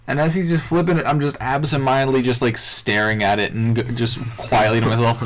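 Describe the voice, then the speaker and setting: A man's voice: mid-range voice, fairly quick, slight background noise, poor audio. A man co-hosting a podcast, telling stories and acting out the lines of people in them. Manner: animated storyteller, acts out quotes. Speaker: podcast co-host. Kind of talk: casual chat.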